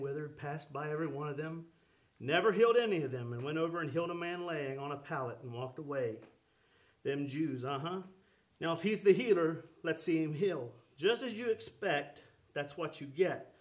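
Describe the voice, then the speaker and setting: A man preaching a sermon with fervor, calling out to the congregation for responses. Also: on the high side. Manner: fervent preaching with calls to the congregation.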